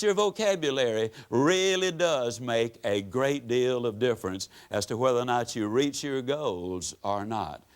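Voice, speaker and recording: A man giving a motivational speech to a live audience, telling folksy stories with sweeping rises and drops in his voice. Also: mid-range voice. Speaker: motivational speaker. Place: stage before an audience.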